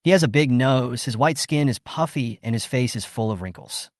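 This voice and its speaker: A man reading a scripted story recap as narrator, in a brisk storytelling way. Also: mid-range voice, dry recording, clean studio sound.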